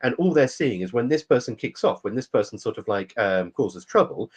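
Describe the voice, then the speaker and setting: Brisk and expressive, this man's medium-pitched voice has a darkish tone with some breathiness. As co-host of a casual podcast, he explains one point at length, rambling with plenty of ums, fillers, and false starts.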